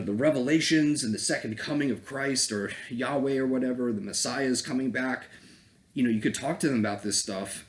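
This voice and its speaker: A man from Connecticut in the US giving a heated, profane political rant, full of sarcastic mimicry. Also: mid-range voice. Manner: profane, angry, swings into mocking voices. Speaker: political commentator. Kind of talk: heated ranting commentary.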